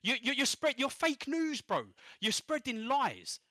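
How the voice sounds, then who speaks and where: A heated caller argues his case over voice chat, tripping over his words and repeating himself as he pushes on. His voice sits fairly high with a bright, tense edge, and the mic sound is dry. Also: very animated, measured pace, no echo. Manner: heated, stumbling and insistent. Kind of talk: argumentative voice-chat debate.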